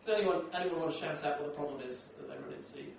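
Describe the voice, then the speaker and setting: High-voiced preacher in an echoey hall. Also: male voice, fast, recorded from a distance, very noisy. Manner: conversational, asks the room questions. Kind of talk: sermon. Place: large echoey church hall.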